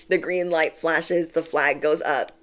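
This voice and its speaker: A woman giving a chatty, animated tarot reading to camera, repeating key phrases to reassure. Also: sits low, background noise. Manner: chatty and animated, acts out quoted voices. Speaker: tarot reader.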